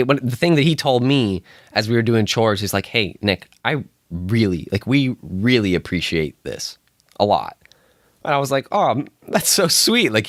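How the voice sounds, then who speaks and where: Young guy rambling on his podcast, kinda low voice, laughs a lot, dry sound. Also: dry recording. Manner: rambling, self-interrupting, chuckles often. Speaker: podcast host. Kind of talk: casual solo podcast monologue.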